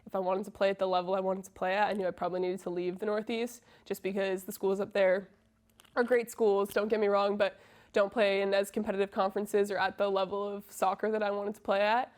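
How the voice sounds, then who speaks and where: A woman's voice: medium pitch, level tone, fast, darkish tone. A young woman in her twenties from Massachusetts, a college soccer player answering interview questions in a friendly, casual way with many fillers. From Massachusetts, USA. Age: 20s.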